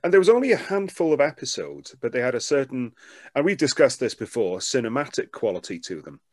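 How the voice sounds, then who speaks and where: A man's voice: medium pitch, big pitch swings, a little fast, no echo, studio quality. A man hosting a podcast interview, reflective and enthusiastic as he recalls watching a series. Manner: reflective, enthusiastic about the show. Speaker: podcast host. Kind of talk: conversational interview.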